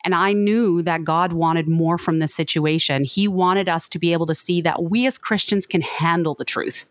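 A woman with a fairly low voice talks earnestly as a podcast guest, pleading in long, flowing runs. The sound is close and dry, with no room around it. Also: moderate pace, no room sound. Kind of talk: earnest interview conversation.

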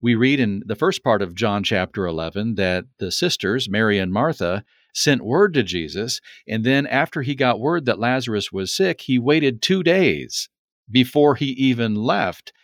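A man's voice: medium pitch, lively intonation, moderate pace, no room sound, studio quality. A man in a conversational Bible discussion, speaking in an earnest, reflective way and repeating words for emphasis. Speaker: Bible teacher.

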